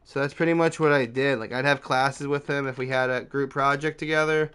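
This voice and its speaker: A young man recounts a teenage mishap in an unpolished, conversational storytime. His voice is smooth and resonant, sitting at an ordinary pitch. He leans on fillers and swears freely as he goes. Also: steady tone, brisk, fairly bright tone. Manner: loose and profane, heavy "like" fillers. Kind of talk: casual storytime.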